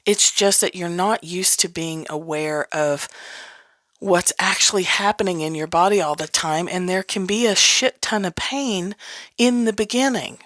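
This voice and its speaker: A woman's voice: mid-range voice, no echo. A woman hosting a podcast in a casual, candid teaching style, laughing often and swearing freely. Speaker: podcast host.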